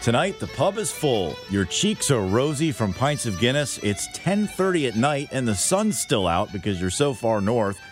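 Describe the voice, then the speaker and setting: A man's voice: medium pitch, big pitch swings, moderate pace, hardly any pauses, over music. A middle-aged man telling a scripted, wry, playful story as a podcast host.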